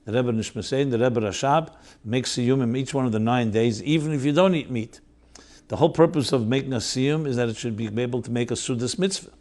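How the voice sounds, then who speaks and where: A man's voice: mid-range voice, a little fast, a little mellow. A man hosting and teaching, giving an earnest, explanatory religious lecture that mixes in Hebrew terms and explains each one. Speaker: host and teacher of Chassidic thought.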